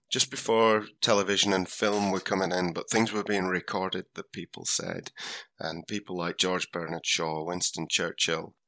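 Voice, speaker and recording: A man's voice: sits low, bright, forceful tone. A man hosting a comic podcast in a casual chat, reading listener letters aloud and chuckling now and then. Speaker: podcast host.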